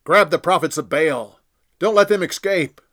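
A man's voice: fairly high pitch, sing-song, slow pace, no room sound, clean studio sound, pitched above the performer's own voice. A man voicing a bold, commanding male prophet who proclaims in a raised voice.

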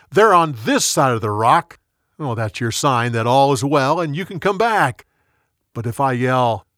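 A man's voice: mid-range voice, a bit bright, no echo, studio quality. Earnest young prince, as a man voices him. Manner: earnest, pleading. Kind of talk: storytelling.

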